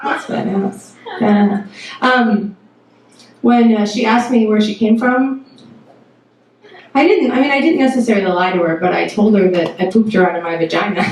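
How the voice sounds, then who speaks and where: A woman's voice: medium pitch, moderate pace, a little mellow. A woman telling a frank, profane comic story about motherhood at a live storytelling show, laughing often. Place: live storytelling stage before an audience. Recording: very echoey venue, distant mic, noisy.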